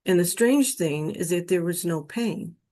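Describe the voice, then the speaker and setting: A woman's voice: lowish voice, lively intonation, mellow. A woman telling her personal near-death experience story in an earnest, emotional way. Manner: slow, earnest, emotional retelling.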